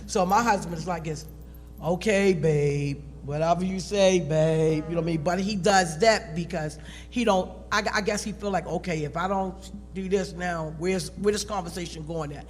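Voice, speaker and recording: A woman on a church panel, talking in a lively, emphatic and colloquial way. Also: fairly low pitch, brisk, long reverb tail, faint music behind. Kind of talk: panel discussion.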